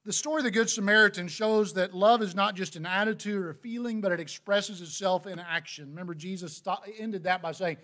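High-voiced man preaching a sermon. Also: brisk, hardly any pauses, sharp tone. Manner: earnest, conversational, reads scripture aloud.

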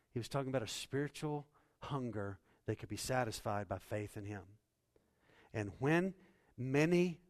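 A man preaching a sermon, his voice sitting at an ordinary middle pitch. He drops to hushed, low stretches and then rises to loud, ringing bursts. The sound is dry and close. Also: no room sound. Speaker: pastor.

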